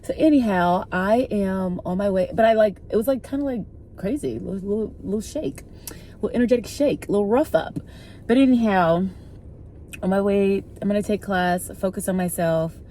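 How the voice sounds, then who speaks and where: A woman's voice: medium pitch, moderate pace, warm tone, slight background noise. A woman in her thirties from the American Midwest, chatting to camera in a vlog and telling a story with lots of "like" fillers. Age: 30s. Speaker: vlogger. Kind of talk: casual chat to camera.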